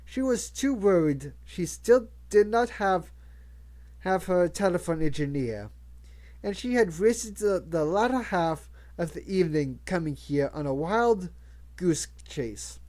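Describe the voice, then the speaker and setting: A reader narrating a novel aloud in a measured way, with occasional stumbles and restarts. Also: mid-range voice, expressive, darkish tone. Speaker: audiobook reader. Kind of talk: audiobook narration.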